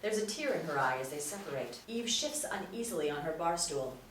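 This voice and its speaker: A woman with a fairly low voice reads stage directions crisply. The mic is distant and the room is roomy, with faint noise. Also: expressive, brisk. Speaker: narrator.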